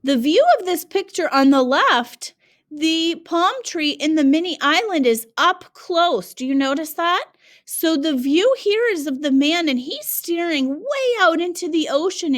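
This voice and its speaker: A woman teacher giving a lesson, speaking clearly and patiently and asking her students questions. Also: very high-pitched, lively intonation, unhurried, a bit bright. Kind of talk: classroom lesson narration.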